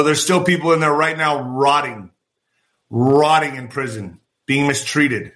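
A man hosting his own political commentary vlog, talking in an animated, profane way and gesturing with his hands as he goes. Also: mid-range voice. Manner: former boxer. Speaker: show host.

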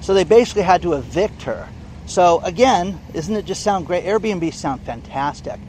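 Emphatic male vlogger with a higher voice, casual commentary, faint background noise. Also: expressive, moderate pace, darkish tone. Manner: indignant, emphatic, keeps asking "okay?". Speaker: online commentator. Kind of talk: casual news commentary vlog.

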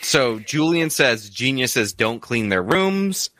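A man's voice: mid-range voice, very animated, slow, pushed and bright. A man hosting a casual live stream, reading out viewer donations with a rambling, laugh-filled, filler-heavy way of talking. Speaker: streamer reading super chats.

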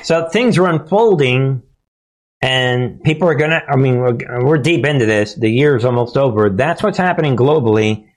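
A man hosting his own commentary channel, talking straight to his audience in a loose monologue. His voice sits in a middle pitch, and his delivery is emphatic, full of punchy asides and repeated catchphrases. He restarts his sentences often as he goes. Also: expressive, normal speed. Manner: talks straight to viewers with frequent restarts. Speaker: host of a political commentary channel.

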